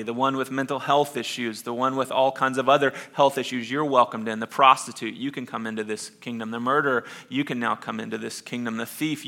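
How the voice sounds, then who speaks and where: A man pastor preaching a sermon, dropping to soft hushed lines and rising to loud emphatic bursts. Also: mid-range voice, vocal fry.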